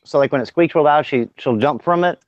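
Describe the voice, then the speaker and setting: A man's voice: on the high side, brisk, no echo. Man telling rambling stories, dull lo-fi sound. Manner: rambling, profane storytelling. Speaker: podcast co-host. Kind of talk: casual chat.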